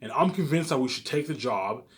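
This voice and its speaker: A man's voice: medium pitch, lively intonation, fairly quick. Rambling, boastful man. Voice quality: repetitive, restarts phrases often. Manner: boastful, swears casually. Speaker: vlogger pitching his movie ideas. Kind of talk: rambling casual monologue.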